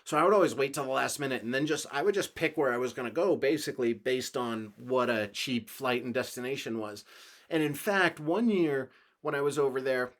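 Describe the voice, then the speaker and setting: A man's voice: medium pitch, brisk, fairly bright tone. Casual rambling American man telling stories. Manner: casual, swearing, laughs through anecdotes. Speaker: podcast host. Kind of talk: rambling storytelling monologue.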